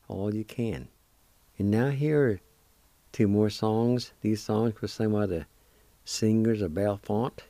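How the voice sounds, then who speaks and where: A man's voice: on the low side, mellow, dry recording. A man teaching a language lesson, spelling words letter by letter and repeating syllables carefully. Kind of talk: slow spelling and pronunciation lesson.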